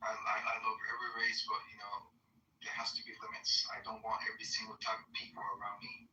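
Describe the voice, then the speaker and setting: A man's voice: on the low side, flat delivery, quick pace, sharp tone. A man giving dismissive, sarcastic, half-muttered replies in a heated call-in argument. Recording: echoey, distant, faint background noise.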